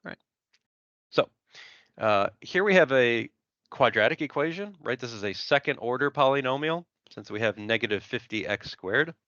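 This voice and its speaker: A man's voice: mid-range voice, animated, moderate pace, pushed and bright, dry recording, muffled recording. A man teaching engineering in a lecture, working step by step through an example and thinking aloud as he sketches. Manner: methodical, thinks aloud while sketching, frequent "right?" and "so". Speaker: engineering instructor.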